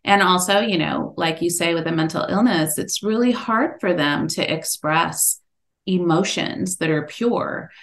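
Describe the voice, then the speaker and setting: Middle-aged woman, guest, lowish voice, earnest storytelling, animated when quoting. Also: a little slow. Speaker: podcast guest, author. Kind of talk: personal storytelling in an interview.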